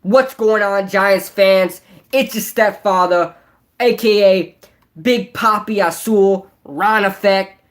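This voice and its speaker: A man's voice: high-pitched, slow, a bit bright, voice pushed up. A young man putting on a nasal impression of an arrogant, brash male sports YouTuber who rants dismissively. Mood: boastful. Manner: dismissive, repetitive ranting.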